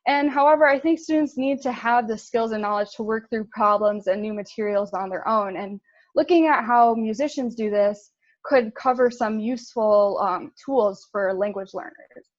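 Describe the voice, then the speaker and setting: A woman's voice: fairly high pitch, normal speed, no echo, muffled recording. A young woman giving a casual intern presentation, chatty, with fillers and laughs at her own slips.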